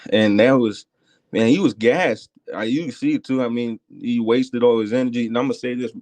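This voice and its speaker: A man calling in to chat about boxing, rambling and excitable with lots of fillers. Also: mid-range voice, a little fast, no echo. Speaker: caller. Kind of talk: casual phone-in chat.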